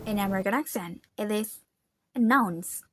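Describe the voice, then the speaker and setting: A woman's voice: on the high side, a little slow, no echo, clean studio sound. A young woman student with an Indonesian accent, whose first language is Indonesian. She reads a pronunciation analysis aloud carefully, repeating words to demonstrate their sounds.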